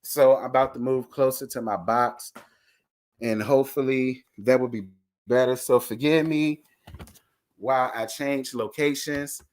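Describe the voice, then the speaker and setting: A man hosting a casual live review from home, talking in a sassy, animated, gossipy way and calling his viewers y'all and girl. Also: mid-range voice, a little slow. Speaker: host of a reality TV live review show.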